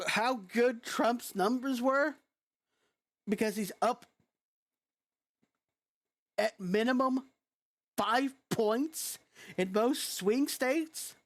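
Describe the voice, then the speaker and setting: A vlogger with a youthful, fairly high voice launches into a heated, blunt reaction rant, speaking slowly and swearing freely. Frustration comes through plainly in every phrase.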